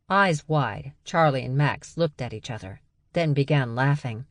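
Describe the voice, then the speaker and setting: Woman audiobook narrator, low voice, measured, dry and close. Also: dry recording. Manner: even, measured storytelling.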